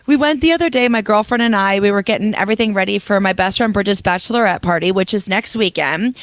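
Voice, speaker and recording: A young woman co-hosting a podcast, telling an animated story in casual chat and over-explaining as she goes. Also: medium pitch, fast talker, dry recording. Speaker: podcast co-host.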